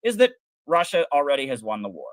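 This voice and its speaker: A man's voice: medium pitch, huge pitch swings, fast, no room sound. A man co-hosting a political talk show, explaining history and ideas in a lecturing way. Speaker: co-host. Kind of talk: political commentary chat.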